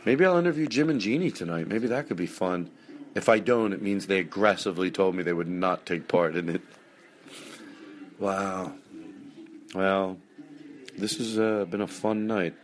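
A man hosting a podcast in casual, rambling chat, often breaking off mid-thought and swearing offhandedly. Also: sits low. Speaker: podcast host.

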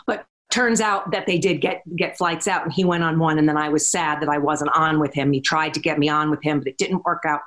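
A middle-aged woman, an actress guest, telling animated behind-the-scenes anecdotes in casual chat, with frequent restarts and acted-out quotes. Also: sits low, a little fast, few pauses. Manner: animated storyteller, acts out quotes, many restarts.

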